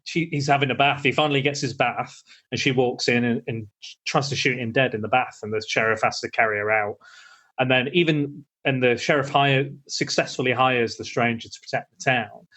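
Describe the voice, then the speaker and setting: A man hosts a podcast and walks through a film's plot in loose, storytelling fashion, stumbling over the first words of his sentences. His voice is ordinary in pitch and tone. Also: steady tone, a little fast, fairly bright tone. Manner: storytelling recap with stammered starts. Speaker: podcast host. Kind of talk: casual film discussion.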